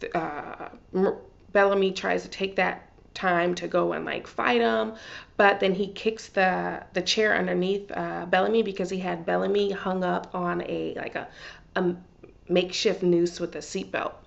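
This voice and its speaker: Gravelly-voiced woman gushing about TV. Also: lowish voice, steady tone, measured pace, lo-fi sound. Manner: gushing, filler-heavy chatter. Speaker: TV recap vlogger. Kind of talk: casual TV recap.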